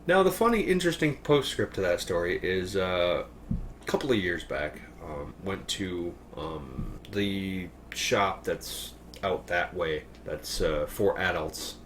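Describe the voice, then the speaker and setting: Male podcast host, animated storyteller with a swooping delivery, chuckles at his own jokes, faint background noise. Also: deep voice, slow. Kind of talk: casual chat, storytelling.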